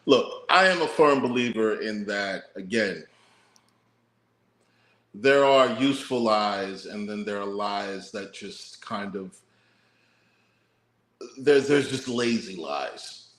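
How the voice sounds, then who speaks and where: A man's voice: on the low side, animated, takes it slowly, long pauses, fairly bright tone, reverberant. A man co-hosting a podcast, musing in a laid-back, profane way. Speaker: podcast co-host. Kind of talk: casual podcast chat.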